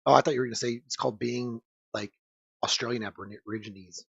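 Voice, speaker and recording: A man's voice: mid-range voice, steady tone, brisk, creaky, fairly bright tone, breathy edge, no room sound. A man on a casual podcast, rambling in crude banter with lots of fillers and swearing. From United States. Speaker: podcast co-host. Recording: dull lo-fi dry sound.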